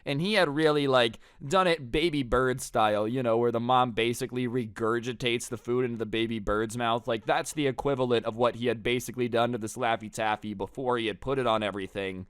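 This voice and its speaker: A man's voice: mid-range voice, steady tone, a little fast, hardly any pauses, smooth, no echo, studio quality. A man telling a story to his viewers in a casual, slangy way, full of "you know" and "like". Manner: slangy, filler-heavy, addresses viewers as bro and dude. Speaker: storytime vlogger.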